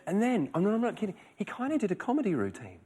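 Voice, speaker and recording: A male comedian guest telling animated stories in casual talk show chat. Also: high voice, breathy edge. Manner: animated storytelling, quick jokey asides.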